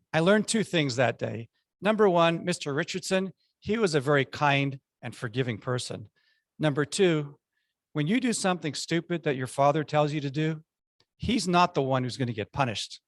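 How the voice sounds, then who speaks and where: A man's voice: a little high, no room sound. A man giving a prepared club speech, telling childhood stories with punchy numbered lessons.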